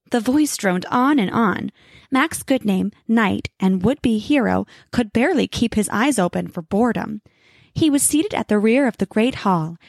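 A woman narrating a fantasy story in an expressive, clear reading. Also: a little high, no echo.

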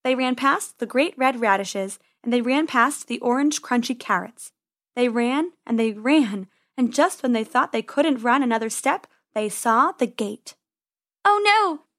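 A woman narrating a children's storybook in a gentle, expressive read-aloud manner. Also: a little high, unhurried.

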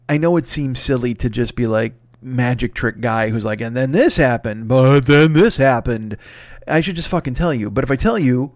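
A man's voice: mid-range voice, vocal fry, dry recording, clean studio sound. A man hosting his podcast, under the weather, rambling and swearing with many restarts in a casual solo announcement. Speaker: podcast host.

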